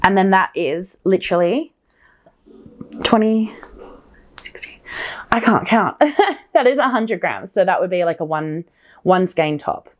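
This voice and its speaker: A woman hosting a knitting podcast, talking in a casual, gushing, excitable show-and-tell style. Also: on the low side, unhurried, pauses often.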